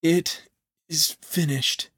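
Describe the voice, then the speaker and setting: A man's voice: fairly high pitch, fairly even intonation, extremely slow, breathy edge, voice pushed up, exaggerated voice. A man voicing a dying son of God who cries out in anguish. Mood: fading. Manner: raised, anguished cries, then quiet.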